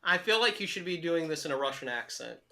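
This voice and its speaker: A man's voice: fairly high pitch, expressive, quick pace, gravelly, pushed and bright. A young man co-hosting a podcast in casual, profane, joking chat. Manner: joking, profane, laughs often. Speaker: podcast co-host.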